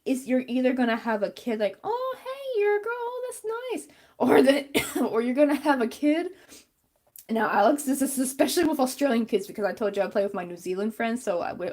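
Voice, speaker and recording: Woman, fairly high voice, rambling casual chat, lots of fillers, crochet stream. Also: a little mellow. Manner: chatty, rambling, many fillers.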